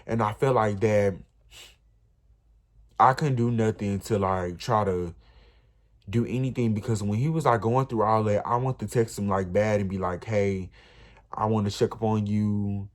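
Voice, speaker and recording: A man's voice: fairly low pitch, steady tone, moderate pace. A young man, telling an emotional, rambling storytime straight to his viewers. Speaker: vlogger. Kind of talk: storytime vlog.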